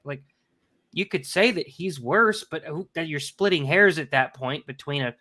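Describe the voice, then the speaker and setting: Crude, laughing married man, higher voice. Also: lively intonation, moderate pace, pushed and bright. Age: adult. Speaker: podcast co-host. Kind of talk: casual chat.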